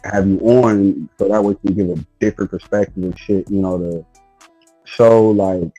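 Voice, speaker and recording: A man hosting a podcast in relaxed casual chat, rambling and saying "you know" a lot. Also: deep voice, normal speed, faint music behind, low-quality recording. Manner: laid-back, rambling, with lots of "you know". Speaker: podcast host.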